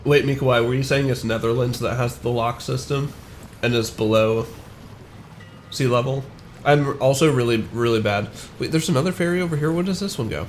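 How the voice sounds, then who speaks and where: A man's voice: mid-range voice, a little fast, slight background noise. A young man from the northern United States chatting casually with viewers while streaming a game, rambling and laughing at himself as he answers chat.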